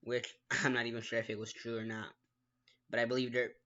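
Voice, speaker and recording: A man's voice: medium pitch, completely flat delivery, brisk, bright, forceful tone, muffled recording. A man telling a personal story in a casual, rambling way, restarting sentences, making his own mouth sound effects and often apologizing. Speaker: gaming vlogger.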